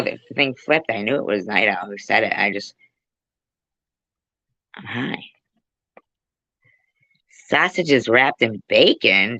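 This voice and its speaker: A woman's voice: rumbling low, pushed and bright, dry recording. A woman hosting a casual livestream, teasing and joking with her viewers. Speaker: livestream host. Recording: dull lo-fi sound.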